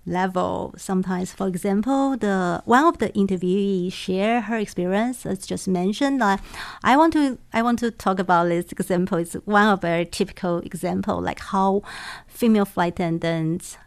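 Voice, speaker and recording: Creaky-voiced woman telling animated stories. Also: medium pitch, moderate pace. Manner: animated storytelling, acts out quoted voices, laughs often. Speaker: sociology professor and former flight attendant. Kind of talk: interview answers.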